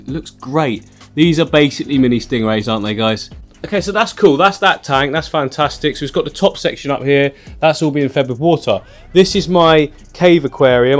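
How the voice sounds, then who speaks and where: A chatty man hosting a home vlog, cooing at his pet and now and then putting on little voices for it. His pitch sits in a middle range. Faint music plays underneath. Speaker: aquarium channel host. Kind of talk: casual vlog chat to camera.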